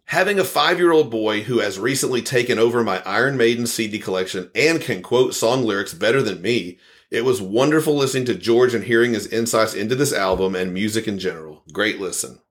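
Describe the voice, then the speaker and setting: A man hosting a podcast, reading listener comments aloud in a casual, rambling way and chuckling often. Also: on the low side. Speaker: podcast host.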